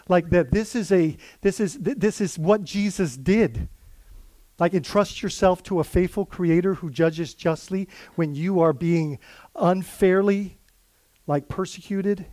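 A man preaches in a fairly high voice, earnest and chatty, often restarting his sentences. The sound is dry and close, with no room echo. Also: measured pace, a little mellow. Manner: earnest, conversational preaching with many fillers and restarts. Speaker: pastor. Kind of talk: sermon.

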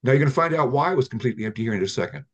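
Fast-talking older man telling stories, dull audio. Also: mid-range voice. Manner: rambling, animated storyteller with frequent restarts. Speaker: guest, app founder. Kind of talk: conversational interview storytelling.

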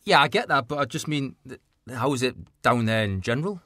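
Condescending male interviewer, mid pitch, dry close mic. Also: expressive, fairly quick, sharp tone, no room sound. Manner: condescending, awkward. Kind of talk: mock documentary interview.

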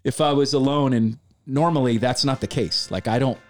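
A man's voice: medium pitch, normal speed. A man telling a story in casual podcast chat, acting out quoted lines and swearing casually. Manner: animated, acts out quoted voices, swears casually.

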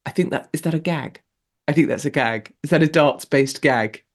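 Chatty woman hosting her show. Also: normal speed. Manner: chatty and rambling, with pitch leaping up for emphasis and frequent laughs. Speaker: show host. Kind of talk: casual live-show monologue.

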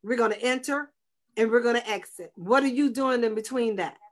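A woman guest on a talk show, telling her cancer story in an animated, faith-filled way. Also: fairly high pitch, a little fast. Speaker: guest, breast cancer advocate. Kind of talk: personal testimony in a talk show.

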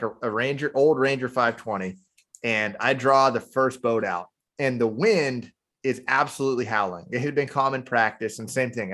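A man hosting a casual chat, telling stories in an animated way and often saying "dude". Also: mid-range voice. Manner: animated, says "dude" a lot. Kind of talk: casual storytelling.

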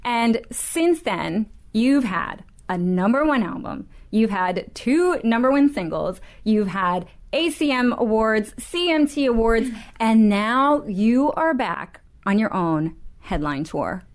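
A woman hosts a playful interview in a fairly high voice. She is bubbly and gushing, and she keeps the jokes and puns coming. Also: animated, takes it slowly. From United States. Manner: bubbly, enthusiastic, pun-loving. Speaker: interviewer host. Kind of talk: lighthearted interview chat.

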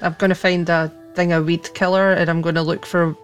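A woman playing a tabletop game, recapping clues in a halting, casual way. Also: fairly low pitch, level tone, soft background music. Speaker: player.

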